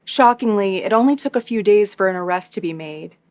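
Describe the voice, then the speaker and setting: A woman hosting a true crime recap, reading a scripted narration in a steady, matter-of-fact way with dry asides. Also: medium pitch, a little fast. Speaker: true crime YouTuber host.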